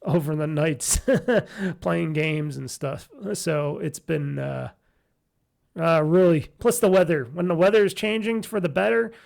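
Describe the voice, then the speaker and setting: Hosting a laid-back solo gaming podcast, a man speaks in a somewhat high, darkish voice without hurrying. His talk wanders, packed with fillers and false starts. The tone is nasal, gravelly, stuffy and weary.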